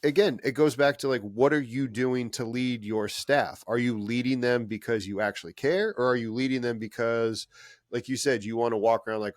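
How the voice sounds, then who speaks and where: A man's voice: medium pitch, fairly even intonation, normal speed, no echo. A male podcast host with a mid-range voice, recorded dry and close with no room sound. He speaks earnestly, urging his listeners on with motivational advice. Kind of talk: casual podcast chat.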